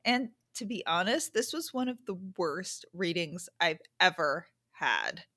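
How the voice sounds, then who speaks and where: A woman's voice: lowish voice, sing-song, measured pace, pushed and bright, dry recording. A woman hosting a podcast, talking casually and candidly with frequent asides and self-corrections. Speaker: podcast host. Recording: dry close-mic sound.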